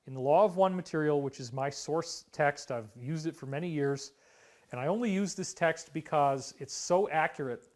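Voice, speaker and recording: A middle-aged man in a rambling monologue, emotional, moving between hushed asides and exclamations. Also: on the high side, moderate pace. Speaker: speaker on conspiracy theories.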